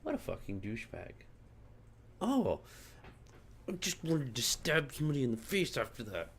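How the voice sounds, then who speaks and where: A man's voice: medium pitch, huge pitch swings, moderate pace, husky. A man telling a heated, profane story about a rude customer in a casual vlog, still angry about it. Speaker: gaming channel host.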